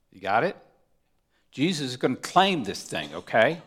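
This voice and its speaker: A man preaching a sermon, emphatic, moving between loud stresses and hushed asides, often asking his listeners rhetorical questions. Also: mid-range voice, sing-song, measured pace. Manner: asks the congregation rhetorical questions. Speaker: pastor.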